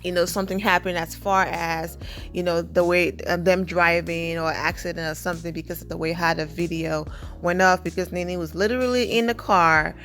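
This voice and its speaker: A woman's voice: lowish voice, steady tone, brisk, fairly bright tone, faint music behind. A woman giving casual celebrity news commentary in a chatty style, often saying "you know".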